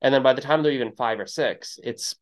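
A man hosting a podcast interview in a relaxed conversational way, telling stories and acting out what people said with sudden jumps in his voice. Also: fairly quick. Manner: storytelling, acts out quotes with big pitch jumps. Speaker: podcast host.

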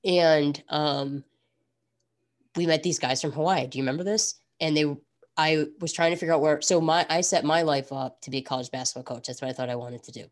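A woman's voice: deep voice, a little fast. A woman in her thirties hosting a podcast, chatting casually and reflectively with many asides. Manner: reflective, rambling, animated. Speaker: podcast host. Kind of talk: casual chat.

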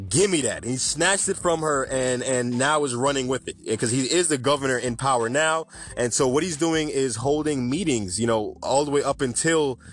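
A man hosts an unscripted podcast in a mid-range voice, chatty and loose. He rambles from point to point and often stops to fix his own phrasing. Faint music plays under him. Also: mid-range voice. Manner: rambling, self-correcting, chatty. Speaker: podcast host. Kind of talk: unscripted cannabis news podcast.

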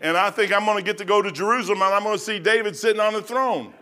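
Male preacher, middle-aged, sermon, folksy, repeats himself, fervent, bright tone. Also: high-pitched, very fast. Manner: folksy, repetitive, rising to fervent emphasis.

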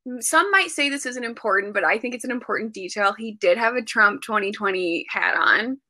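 A woman's voice: on the high side, animated, brisk, pushed and bright, dry recording. A woman in her twenties, a podcast guest, telling a story in casual chat, full of "like" fillers. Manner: chatty, many "like" fillers.

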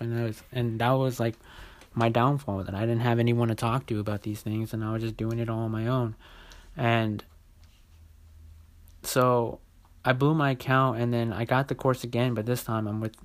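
Rambling young man in his twenties. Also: medium pitch. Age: 20s. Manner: rambling, lots of "like", swears freely. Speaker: vlogger. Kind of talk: casual storytelling vlog.

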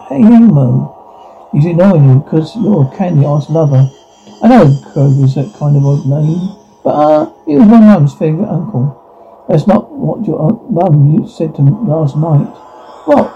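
A man's voice: fairly high pitch, creaky, warm tone. A man reading all parts of a teen drama scene aloud, speaking the sound cues between the lines, on a dull lo-fi recording.

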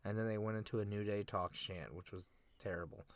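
A young man co-hosting a casual podcast, excitedly recapping a show with slang and laughter. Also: on the low side, fairly quick, dry recording, clean studio sound. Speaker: podcast co-host. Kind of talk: casual chat.

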